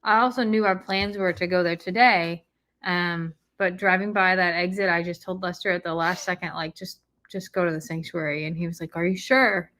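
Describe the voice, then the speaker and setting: A woman telling a personal story in casual chat, soft-spoken and hesitant, searching for words. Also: on the low side, steady tone, moderate pace. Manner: soft, hesitant, many fillers and restarts. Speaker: co-host recounting a personal experience.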